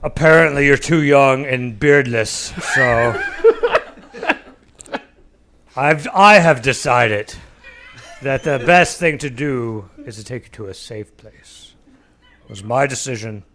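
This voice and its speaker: A man's voice: mid-range voice, takes it slowly, pauses often, a bit bright. A man playing his character in a tabletop game, joking and thinking aloud. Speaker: player.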